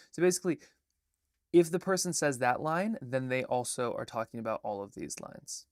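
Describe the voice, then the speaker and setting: A man's voice: medium pitch, measured pace, dry recording, clean studio sound. A man hosting a livestream in a casual, rambling way, chatting with viewers and stopping often to apologize and restart. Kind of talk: casual livestream chat and read-through.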